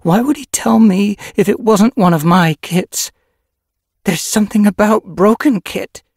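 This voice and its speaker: A man doing a grieving female medicine cat in a storybook reading, her voice pitched well above his own and slightly husky. She snarls and pleads, raw with anguish, in a dry close recording. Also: unhurried, no echo. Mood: distraught. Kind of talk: audiobook character voice.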